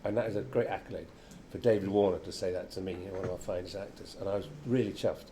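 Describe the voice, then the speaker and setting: Older man, lowish voice, lively storyteller, faint noise behind. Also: quick pace. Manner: lively storyteller, acts out quotes. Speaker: interview guest, actor. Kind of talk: casual interview chat. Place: venue with background chatter.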